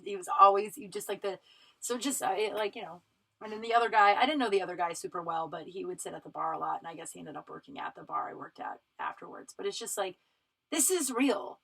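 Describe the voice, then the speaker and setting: A woman's voice: mid-range voice, pushed and bright, poor audio. Swearing, emphatic woman podcaster. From Colorado, USA. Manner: profane, emphatic, with frequent fillers and restarts. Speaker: podcast host. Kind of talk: casual solo podcast monologue.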